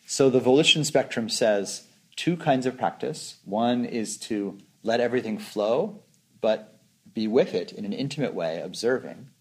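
A man's voice: mid-range voice, lively intonation, a little slow. A man giving an informal meditation talk as a teacher, speaking reflectively and often acting out his own inner voice.

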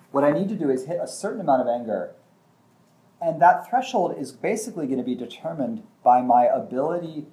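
A man's voice: on the high side, animated, brisk, mellow. A man giving a casual teaching talk, thinking aloud with frequent restarts and acting out short examples.

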